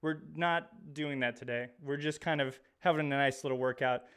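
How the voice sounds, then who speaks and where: The host of an educational live stream speaks in a clear, resonant, fairly bright voice of medium pitch, steady and at a moderate pace. Upbeat and slightly breathless, he chats energetically right to his viewers.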